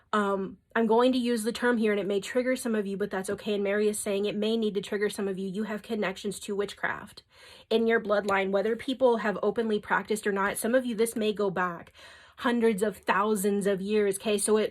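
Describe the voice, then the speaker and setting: A young adult woman giving a spiritual tarot reading, earnest and emotional, who often checks in with "okay?" and fills with "like". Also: mid-range voice. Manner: soft, earnest and emotional, with frequent "okay?" and "like" asides. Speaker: tarot reader.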